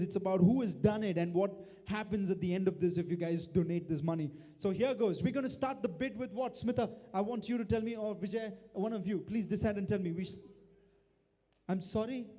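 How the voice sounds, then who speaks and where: High-voiced excitable auctioneer. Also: male voice. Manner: energetic, excitable, calls out bids. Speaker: charity auction host. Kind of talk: live auction emceeing. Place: large event hall before a crowd. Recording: long reverb of a big hall.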